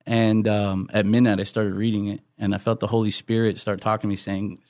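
A man's voice: on the low side, level tone, a little fast, a little mellow, dry recording, clean studio sound. A middle-aged man, a pastor, earnestly telling his life story in a podcast interview, often restarting his sentences.

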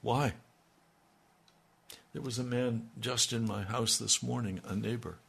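An older man preaching on the radio as a pastor, earnest and reflective, his voice sinking low at the ends of thoughts. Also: fairly even intonation, gravelly, a bit bright, husky. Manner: slow, earnest, dropping to near-murmurs. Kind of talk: radio sermon.

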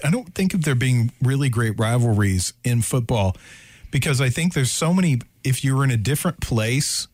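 A man's voice: mid-range voice, animated, normal speed, a little mellow, no echo, studio quality. A man from the Midwest co-hosting a sports talk show, opinionated and repeating himself while he thinks. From American Midwest. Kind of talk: casual sports chat.

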